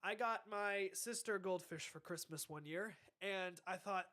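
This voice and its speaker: A young man with a fairly high voice chats casually on a podcast. He rambles, restarts sentences and lets his thoughts trail off as he reacts to dating advice. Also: normal speed, hardly any pauses, pushed and bright. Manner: rambling, trailing off, self-correcting. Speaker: podcast host.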